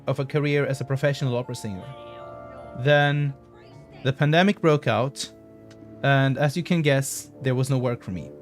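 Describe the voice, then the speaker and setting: A young man streaming live, chatting casually and earnestly, rambling a little as he thanks viewers one by one. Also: fairly high pitch.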